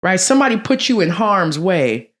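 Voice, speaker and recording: A woman, a podcast guest telling stories expressively and acting out quoted lines, with frequent laughter. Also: normal speed. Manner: expressive, acts out quotes with big pitch swings, laughs often. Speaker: guest, athletics director. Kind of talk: animated storytelling in conversation.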